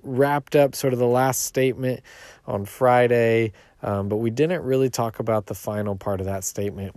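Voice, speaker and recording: A male pastor giving a short devotional teaching in a relaxed, conversational way, with restarts and casual asides. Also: fairly low pitch, dry recording, clean studio sound.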